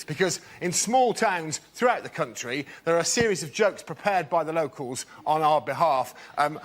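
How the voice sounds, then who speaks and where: A man's voice: on the high side, fairly bright tone. A male comedian on a panel show telling an indignant, theatrical stand-up story.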